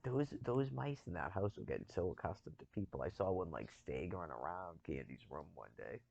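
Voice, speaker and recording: A man's voice: low-pitched, big pitch swings, brisk, gravelly, darkish tone, slightly rough, highs cut off. A man in casual chat, rambling and chuckling as he talks, with loose, profane phrasing.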